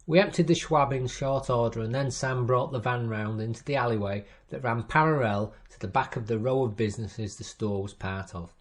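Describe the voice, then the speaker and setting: A man narrating a first-person crime story in a measured, wry reading style. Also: medium pitch. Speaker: story reader.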